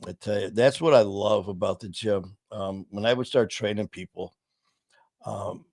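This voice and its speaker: Speaking into a studio mic in his home studio, this middle-aged live-stream host tells meandering stories, constantly filling gaps with "uh" and "you know." He sits on the low side with a darkish tone and a normal pace. The sound is clean studio quality with no echo.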